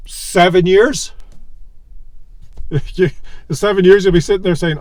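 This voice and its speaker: A man vlogging from his parked car, telling an animated, digressive story and chuckling as he goes. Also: high-pitched, normal speed, long pauses, dry recording. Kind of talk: rambling storytelling monologue.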